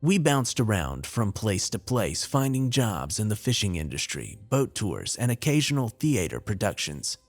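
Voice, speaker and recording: A man narrating a scripted horror story in a wry, dry, confessional tone. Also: on the low side. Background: faint music.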